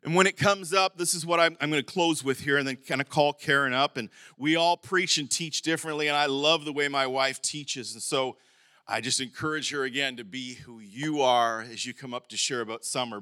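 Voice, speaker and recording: Male pastor, middle-aged, preaching, high bright voice, dry close sound, emphatic bursts. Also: no room sound. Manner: stumbles and repeats words at times. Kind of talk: sermon.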